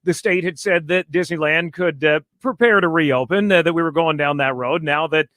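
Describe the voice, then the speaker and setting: Male correspondent guest, slightly higher voice, dry sound, easygoing delivery. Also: normal speed, no echo. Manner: relaxed, joking, easygoing. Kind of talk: casual chat then news report.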